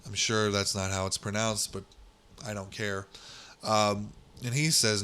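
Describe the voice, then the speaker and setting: A man's voice: lowish voice, flat delivery, a little slow, pushed and bright, clear, resonant tone. A man hosting a solo commentary podcast, talking in a sarcastic, exasperated rant that keeps climbing into incredulous outbursts. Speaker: podcast host.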